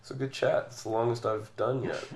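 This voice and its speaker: A man's voice: mid-range voice, a little fast, vocal fry. A man hosting a podcast, chatting casually and rambling with plenty of fillers. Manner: relaxed, rambling, lots of fillers. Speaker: podcast host. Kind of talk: casual conversation.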